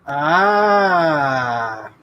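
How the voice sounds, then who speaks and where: Slow, laid-back livestream host, man. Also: fairly high pitch, lively intonation, bright, forceful tone, dull audio. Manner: laid-back, rambling, greets viewers by name. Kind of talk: casual livestream chat reading comments.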